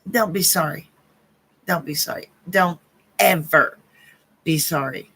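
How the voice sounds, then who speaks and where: A woman's voice: low voice, slow, bright, forceful tone, slightly rough, poor audio. Southern woman doing psychic readings. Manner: gushing, calls listeners honey and baby; blunt and earnest, repeats herself. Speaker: psychic card reader. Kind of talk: live-stream reading to chat.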